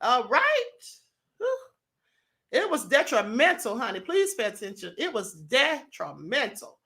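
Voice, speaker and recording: Sassy bright-voiced woman streamer. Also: a little high, big pitch swings, measured pace. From Kentucky. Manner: sassy, emphatic, laughs often, calls listeners honey and beloved. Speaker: livestream host. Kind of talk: casual commentary, reading viewer comments.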